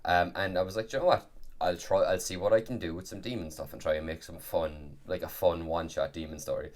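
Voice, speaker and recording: A man's voice: low voice, steady tone, a little fast. A man co-hosting a tabletop gaming podcast, talking casually and rambling, often restarting his sentences. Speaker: podcast co-host and game master. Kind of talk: casual chat.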